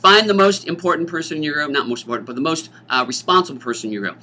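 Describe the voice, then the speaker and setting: A middle-aged man, a teacher, explaining a school dance's rules to students in an animated, joking way, often acting out student voices. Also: on the high side, racing. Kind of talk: informational talk to students.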